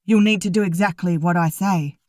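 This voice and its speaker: A woman reading an audiobook, voicing a worried older male doctor who speaks firmly and slowly. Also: on the low side, darkish tone, dry recording, clean studio sound, close to an everyday voice. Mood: insistent.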